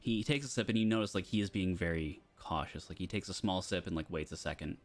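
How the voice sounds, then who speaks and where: A man's voice: deep voice, fast talker. A man narrating as game master of a tabletop game, casual and hesitant, with many fillers, over background music.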